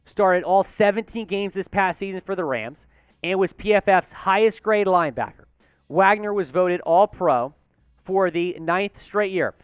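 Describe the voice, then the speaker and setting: Excitable high-voiced male sports host. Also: clear, resonant tone, no room sound, studio quality. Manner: excitable, hyped, chants and cheers. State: out of breath. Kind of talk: live sports news chat.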